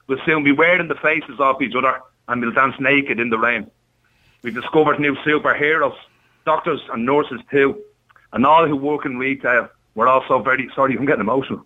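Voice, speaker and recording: A man calling in on speakerphone, his voice thin and tinny down the phone line. He reads a poem aloud in a cheeky, joking way, swearing now and then. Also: medium pitch. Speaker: caller reciting a poem.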